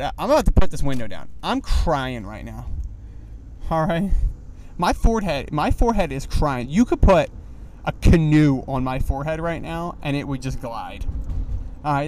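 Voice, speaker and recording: A young man hosting a solo podcast while driving, rambling in a loose, animated way with lots of fillers. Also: medium pitch, slight background noise. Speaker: podcast host. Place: inside a car.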